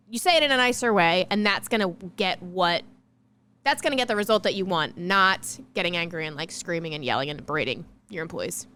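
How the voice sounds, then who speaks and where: A woman co-hosting a casual podcast, her voice smooth and clear at an ordinary pitch. She explains a principle at length, acting out little scenarios along the way. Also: animated, fast talker, fairly bright tone. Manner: explanatory, laughs easily. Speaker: podcast co-host. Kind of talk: casual chat.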